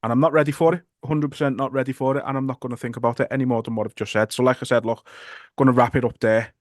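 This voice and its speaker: A man's voice: medium pitch, fairly even intonation, very fast, no echo, studio quality. A man hosting a podcast, who chats casually, swears a little and closes out the episode. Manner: casual, swears, wraps up the show. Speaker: podcast host.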